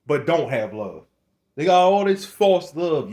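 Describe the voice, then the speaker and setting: A man's voice: sits high, very animated, normal speed, darkish tone. A man delivering a rambling religious rant to camera, scolding his viewers, swearing and restarting his phrases. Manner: scolding, swears, laughs between points. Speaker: religious video maker.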